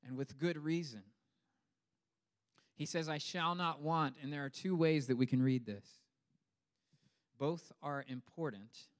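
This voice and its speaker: A male pastor delivering a lively sermon with humor, building up for emphasis and then dropping low and quiet. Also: a little slow, pauses often. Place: church hall. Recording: long hall reverb.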